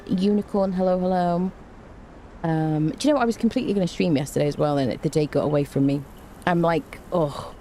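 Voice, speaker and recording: Low-voiced woman streamer. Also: dark tone, slight background noise. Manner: chatty, greets viewers by name, dry self-mocking jokes. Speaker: game streamer. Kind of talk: casual live-stream chat while gaming.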